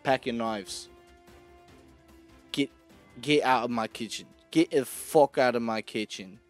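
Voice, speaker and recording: A man's voice: mid-range voice, slow, faint music behind. A young man riffing in a brash, mock-aggressive comedy rant, swearing freely as he talks to his viewers. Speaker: comedy vlogger.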